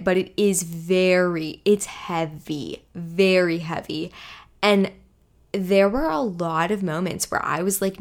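A young woman in her twenties hosting a solo podcast, rambling casually with lots of filler words. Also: on the low side. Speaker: podcast host. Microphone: podcast microphone.

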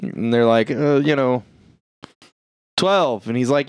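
A man's voice: mid-range voice, unhurried, long pauses, a little mellow, clear, resonant tone, no echo, clean studio sound. A man co-hosting a casual podcast, retelling a movie plot and acting out the characters in bursts of swearing and laughter. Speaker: podcast co-host. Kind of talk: casual movie recap chat.

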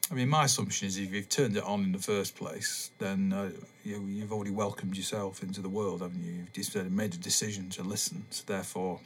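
A man hosting a podcast, rambling in a relaxed, meandering way with many pauses and ums. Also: low voice, slightly rough. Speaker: podcast host. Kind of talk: casual rambling monologue.

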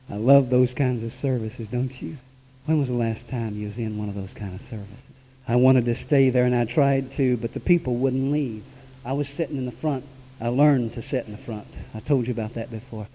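A man preaching an emotional testimony sermon, dropping to a hush and then rising to high exclamations, sometimes chuckling. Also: a little fast. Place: church sanctuary. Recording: long echoing reverb in a church hall.

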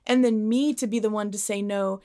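A young woman co-hosting a podcast, telling a long personal story in casual chat, animated and swearing as she acts out what people said. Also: mid-range voice, fairly quick. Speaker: podcast co-host.

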